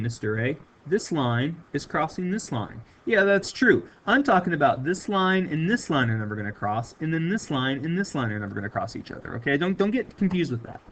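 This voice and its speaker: A man's voice: on the high side, a bit bright. A man teaching a recorded math lesson, stressing and repeating key words for his students.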